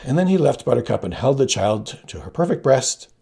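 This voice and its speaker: A man reading a story aloud, narrating in a gravelly voice and giving each character its own pitch. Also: very animated, moderate pace. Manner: reads all characters with shifting pitch, quiet narration tags. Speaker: audiobook reader. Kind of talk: scripted narration.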